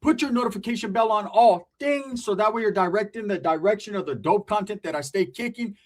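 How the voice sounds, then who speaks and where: A man hosting his channel, telling a comic family story in profane, slangy, animated talk. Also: high-pitched, fairly quick. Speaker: comedic storyteller, channel host. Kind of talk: casual comedic storytelling.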